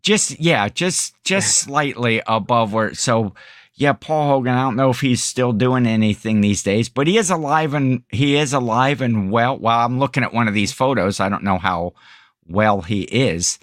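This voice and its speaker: Chatty male podcast co-host, laughs a lot, dry close mic, mid pitch. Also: normal speed, no echo. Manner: chatty, laughs often, rambling restarts. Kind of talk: casual chat.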